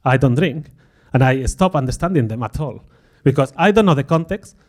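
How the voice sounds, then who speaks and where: A man's voice: medium pitch, brisk. A middle-aged man giving a conference talk, telling a personal story in a self-deprecating way and acting out his own thoughts. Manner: animated, self-deprecating, acts out quoted thoughts. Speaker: conference speaker.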